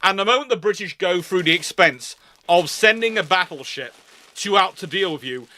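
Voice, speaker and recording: A man hosting a live naval history stream, explaining things in a playful, animated storytelling way. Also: high voice, normal speed. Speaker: naval historian and channel host. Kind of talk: live-stream lecture chat.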